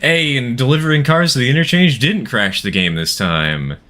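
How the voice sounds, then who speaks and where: A man's voice: medium pitch, animated, moderate pace, pushed and bright. A man streaming a game live, chatting casually with his viewers and laughing often. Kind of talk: casual live-stream chat while playing.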